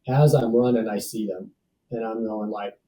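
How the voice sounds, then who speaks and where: Warm, fairly low, and steady, this man's voice moves at normal speed. The rough recording has a distant mic and slight background noise. He's a safety professional in his thirties, guesting on a podcast and telling a personal story casually, full of slang like "dude" and "bro."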